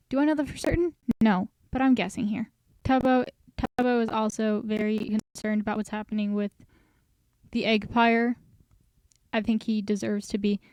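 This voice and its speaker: Smooth-voiced woman recapping with jokes. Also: a little high, a little mellow, no room sound, poor audio. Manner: chatty, with joking asides. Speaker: recap host. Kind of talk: casual story recap commentary.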